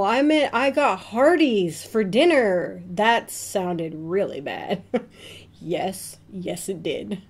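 Slow-paced woman reading texts aloud. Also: mid-range voice. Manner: amused, expressive reading with exclamations. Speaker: reaction channel host. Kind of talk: reading funny text messages aloud and reacting.

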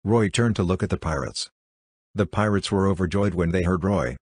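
A man narrating an audiobook in a steady, even storytelling manner. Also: low voice, normal speed, slightly rough, no room sound, studio quality. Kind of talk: scripted narration.

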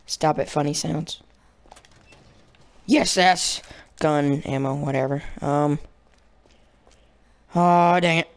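A man's voice: a little high, steady tone, slow, long pauses. A young man commentating his own gameplay, rambling and jokingly insulting the characters on screen. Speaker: gaming channel host. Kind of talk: let's play commentary.

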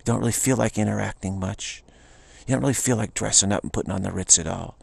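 A man's voice: fairly low pitch, fast, creaky, slightly rough, no echo. A man giving an informal spiritual talk in a rambling, repetitive way, often slipping into quoted voices. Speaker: spiritual teacher.

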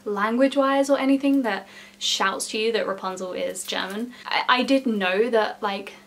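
A young woman chatting casually in a storytelling vlog, with many "like" fillers and lively emphasis. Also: a little high, moderate pace. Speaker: former theme park character performer.

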